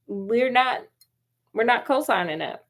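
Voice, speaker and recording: Brief: woman playing an unsympathetic priest, quick and curt, higher voice. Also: expressive, gravelly, fairly bright tone, exaggerated voice. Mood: dismissive. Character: cold, unsympathetic male priest.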